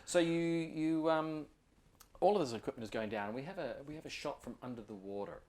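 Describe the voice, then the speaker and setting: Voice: medium pitch, a little fast, a little mellow, a little hiss or hum. A game master narrating a tabletop horror game, with a rambling delivery full of ums and restarts.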